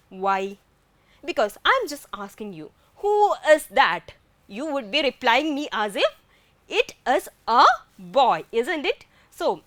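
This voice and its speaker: A woman's voice: sits high, fairly bright tone, dry recording. A woman with an Indian English accent teaching a grammar lesson, asking questions and answering them herself.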